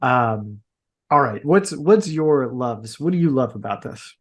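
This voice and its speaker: A man's voice: mid-range voice, lively intonation, a little slow. A man co-hosting a podcast, chatting casually and enthusiastically. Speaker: podcast co-host. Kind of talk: casual chat.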